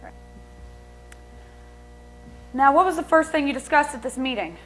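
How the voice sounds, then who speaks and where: A woman playing a lawyer who questions a witness in a measured, methodical way. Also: high-pitched, expressive, fairly bright tone, faint music behind, rough recording. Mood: probing. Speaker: attorney. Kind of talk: improvised courtroom drama.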